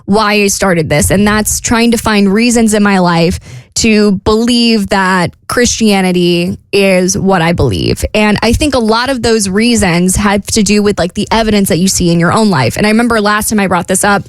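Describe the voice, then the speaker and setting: A woman's voice: medium pitch, moderate pace, no echo. A woman in her twenties co-hosting a radio show, talking candidly and laughing at herself. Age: 20s. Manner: candid, laughing, rambling with self-aware jokes. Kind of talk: casual morning radio chat. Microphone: studio microphone.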